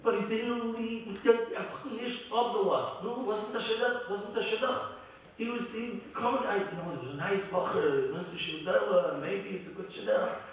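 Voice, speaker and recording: A middle-aged man, a rabbi, giving a heartfelt, halting eulogy with many restarts. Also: sits high, a little hiss or hum. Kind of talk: eulogy at a memorial gathering. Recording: very echoey hall from far off.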